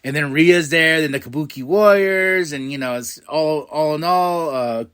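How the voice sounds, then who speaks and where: A podcast host talks through a wrestling show, casual and excitable. His voice sits a touch on the high side for a man, and he keeps dropping into brief voices for the people he describes. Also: clear, resonant tone. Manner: excitable, acts out quick voices for the people he retells.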